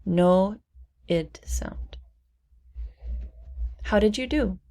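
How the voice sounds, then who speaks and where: Young woman teacher, unhurried and clearly articulated, for beginner pronunciation drills. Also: mid-range voice, dark tone. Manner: over-articulates each word, repeating it twice. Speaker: English teacher. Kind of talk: slow, deliberate pronunciation lesson.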